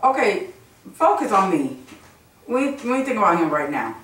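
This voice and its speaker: A woman's voice: medium pitch, big pitch swings, fairly quick, a bit bright. A woman playing a mother who firmly scolds her son, repeating herself in a preachy way. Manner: firm, preachy, repeats phrases. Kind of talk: prank skit, casual scolding. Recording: echoey room from far off.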